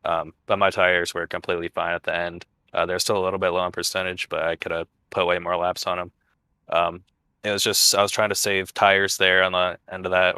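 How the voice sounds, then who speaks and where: A man, a sim racing driver, giving a halting post-race interview full of fillers. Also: bright, forceful tone, clean tone, no echo. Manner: low-key, halting with frequent fillers.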